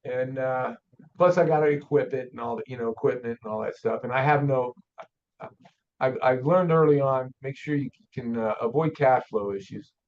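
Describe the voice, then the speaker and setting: An older man, an auto shop owner, telling a story in a folksy, animated way as a guest on an interview show. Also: mid-range voice, normal speed. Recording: dull lo-fi audio.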